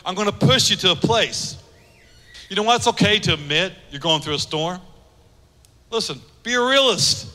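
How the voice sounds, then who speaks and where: A man preaching a sermon with passion, building from quiet asides to shouted calls. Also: high voice, lively intonation, moderate pace, pauses often. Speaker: pastor. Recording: long hall reverb.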